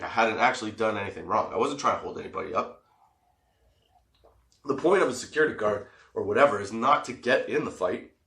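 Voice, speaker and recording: A man hosting a comedy podcast and telling a personal story, animated, swearing a lot and breaking into laughs as he acts out what people said. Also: on the low side, reverberant. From Canada. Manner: animated, swearing, laughing often, acting out quotes. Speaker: podcast host.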